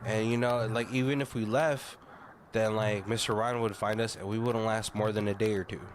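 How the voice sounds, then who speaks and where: A man with a lowish voice chats through a movie plot in a relaxed, rambling way. He swears freely, leans on fillers, and slips into quick impressions of the characters' lines. There is a faint hum of noise behind him. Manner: loose, swearing, acts out quoted lines; many fillers like "like" and "you know". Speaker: podcast co-host. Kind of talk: casual movie recap chat.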